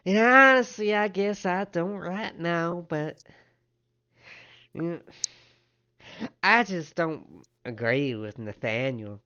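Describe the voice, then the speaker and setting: A man's voice: fairly high pitch, lively intonation, slow pace, pauses often, bright, forceful tone, smooth, dull audio, voice pushed up, exaggerated voice. A man voicing a chatty, gossiping gray-haired village woman with folksy rural grammar, in a tabletop game. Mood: gossipy.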